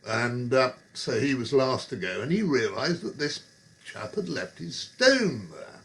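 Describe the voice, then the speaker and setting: Creaky-voiced man telling pub tales. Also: medium pitch, very animated, a little slow, a bit bright. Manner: chuckling, digressive and wry. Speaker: storyteller. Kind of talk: rambling pub anecdote.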